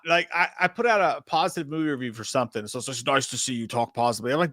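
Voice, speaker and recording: A man's voice: fairly high pitch, animated, fast talker, hardly any pauses, pushed and bright, dry recording, clean studio sound. A man co-hosting a live movie stream, ranting bluntly with heavy swearing. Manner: blunt, profane, heated ranting. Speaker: co-host. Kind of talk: casual live-stream chat.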